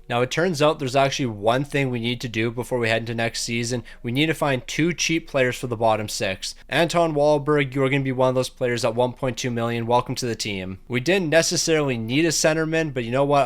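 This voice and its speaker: A young man commentates his hockey sim career casually from a home setup. He talks fast and sounds sarcastic and exasperated, at an everyday middle pitch on a close desk microphone. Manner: sarcastic, exasperated, quick-talking. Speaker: gaming YouTuber.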